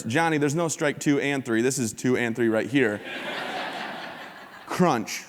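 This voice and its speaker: On a conference hall stage before an audience, a thirtysomething American keynote speaker with a medium-pitched voice talks slowly, pausing often over a noisy background. His motivational talk is upbeat and jokey, with acted-out scenes and voices, and long reverb fills the hall.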